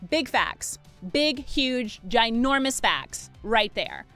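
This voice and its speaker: A woman's voice: a little high, animated, takes it slowly, a bit bright, faint music behind. A woman in her twenties, a streamer delivering a fired-up, emphatic rant to her chat, with some swearing. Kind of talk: livestream rant.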